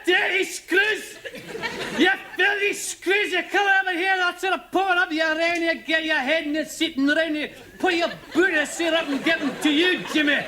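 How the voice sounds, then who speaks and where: A man's voice: extremely high pitch, fairly even intonation, moderate pace, noisy background, voice pushed up. A man voicing a furious Scottish male prisoner who bellows insults in a Scottish accent. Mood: raging. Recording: TV studio audience laughter.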